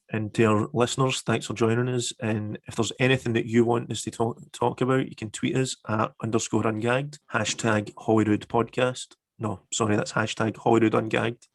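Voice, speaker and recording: Male host, dry sarcastic delivery, flat even pitch, close dry sound. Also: no room sound. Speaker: podcast host. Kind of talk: casual political chat.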